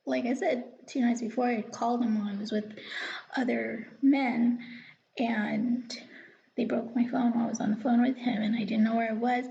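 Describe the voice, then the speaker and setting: A young woman tells a personal story in a loose, rambling, confiding way, now and then slipping into a whisper. Her voice sits a bit high and carries a gravelly fry. The recording is slightly muffled, with faint noise underneath. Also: fairly even intonation, moderate pace, warm tone. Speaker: vlogger. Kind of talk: casual storytelling.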